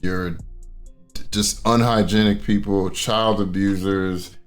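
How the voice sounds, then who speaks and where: A man's voice: fairly low pitch, steady tone, slow, faint music behind. A man co-hosting a casual commentary chat, blunt and profane, often acting out what others say. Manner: blunt and profane, mimics others in quoted voices. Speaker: commentary co-host.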